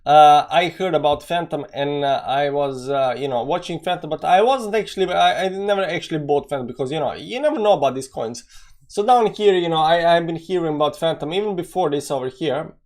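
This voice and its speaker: A young man hosts a daily live stream in a loose, conversational way, greeting viewers by name as he talks. His speech is full of "you know" fillers and restarts. His voice sits somewhat higher than most men's. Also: fairly quick, darkish tone. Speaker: crypto market show host. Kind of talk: live-stream market chat.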